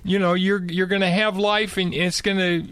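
A man's voice: sits high, level tone, moderate pace, fairly bright tone, clean tone, no echo. An older man co-hosting a casual Bible discussion, talking emphatically and repeating key words for stress. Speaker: co-host.

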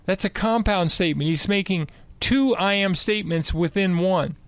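A man explaining Bible passages in conversation, emphatic and animated. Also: high-pitched, normal speed, dry recording. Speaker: Bible teacher guest.

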